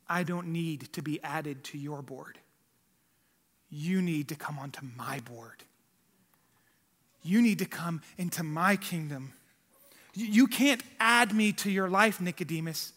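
A preacher voicing an intense male teacher who speaks in a low, pressing voice. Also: moderate pace, hardly any pauses, sharp tone, in a large hall. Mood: urgent.

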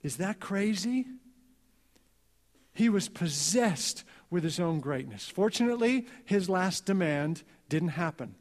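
A male pastor preaching a sermon earnestly, going soft and slow on key lines. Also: sits high, animated. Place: church sanctuary. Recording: long reverb of a church hall.

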